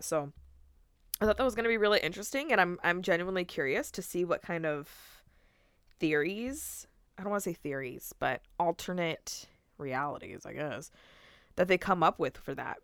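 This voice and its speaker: A young adult woman, podcast co-host, chatting casually and excitedly, swearing and acting out scenes. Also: low voice, moderate pace, clean tone, no room sound, clean studio sound. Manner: excitable, swears freely, acts out quotes. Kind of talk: casual chat.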